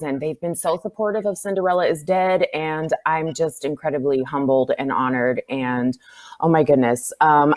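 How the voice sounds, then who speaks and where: Woman, author, acceptance speech, emotional, stumbling over words, lowish voice. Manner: gushing, emotional, halting with fillers. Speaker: award-winning author.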